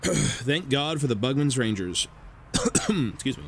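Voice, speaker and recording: A man's voice: mid-range voice, sing-song, takes it slowly, gravelly, a little hiss or hum. A man streaming, chatting casually and muttering to himself with offhand swearing.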